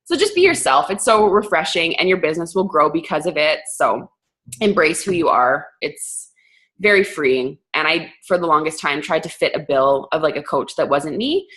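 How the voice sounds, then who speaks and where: Chatty low-voiced woman coach. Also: expressive, fairly bright tone. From Canada. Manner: chatty, fast, full of fillers and sarcasm. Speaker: fitness coach hosting a team call. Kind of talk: casual coaching chat.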